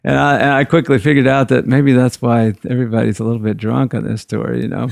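A man's voice: mid-range voice, level tone, fast talker, vocal fry, no room sound, studio quality. A man, a guitarist, telling rambling stories from the road in a loose, conversational way. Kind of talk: anecdotal storytelling.

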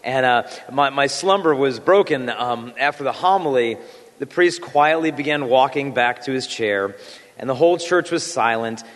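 A Catholic speaker in his thirties leads a prayer, then addresses the congregation in a relaxed, conversational way. He teases himself, and his sentences are full of fillers and restarts. His medium-pitched voice moves at a moderate pace, and long reverb makes it sound like it fills a large church.

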